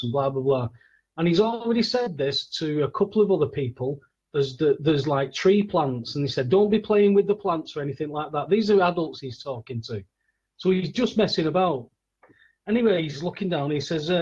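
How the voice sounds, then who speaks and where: Male podcast host, raspy and fairly high, casual storyteller who does the voices, lo-fi sound. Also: expressive, a little fast, darkish tone. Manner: rambling anecdotes, acts out the voices of the people in his stories.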